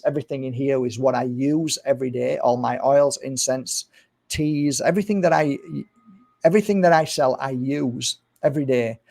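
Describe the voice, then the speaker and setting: A man's voice: mid-range voice, creaky, darkish tone. A man talking casually to camera as a spiritual teacher, rambling and telling stories with acted-out dialogue. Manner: rambling storyteller, acts out quoted dialogue.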